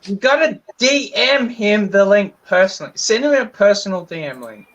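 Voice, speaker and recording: A man's voice: high-pitched, animated, normal speed, a bit bright, muffled recording. Joking Australian man reading chat. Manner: joking, teasing, reads chat comments aloud. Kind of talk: casual livestream chat.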